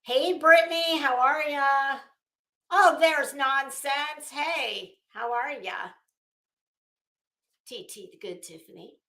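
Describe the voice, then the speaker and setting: A woman's voice: sits high, slow, sharp tone, roomy sound. A middle-aged woman hosting a casual livestream, blunt and chatty, greeting viewers by name. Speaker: livestream host.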